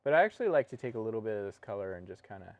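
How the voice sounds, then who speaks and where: A man co-hosting a painting tutorial, talking through each step in a relaxed, joking way. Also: fairly low pitch, rapid-fire, no room sound, narrow, tinny audio. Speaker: painting instructor and co-host.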